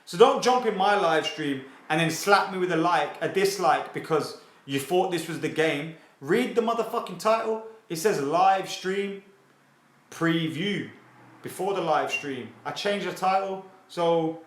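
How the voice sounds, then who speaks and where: A man hosting a casual football fan live stream, excitable and sweary as he reads viewer comments aloud. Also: sits high, measured pace. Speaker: football fan channel host. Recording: roomy echo.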